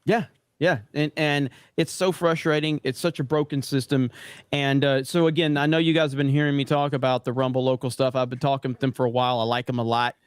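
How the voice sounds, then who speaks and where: A man's voice: mid-range voice, little pitch movement, brisk, clean tone, no echo, studio quality. A man co-hosting a live stream, rambling casually and plugging sponsors with jokes. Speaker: co-host.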